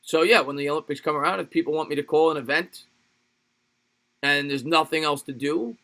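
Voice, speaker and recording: A man with a slightly high, creaky, sharp-toned voice speaks quickly as a livestream sports host. He gives casual football play-by-play, chats with viewers and answers live chat between plays, and laughs often.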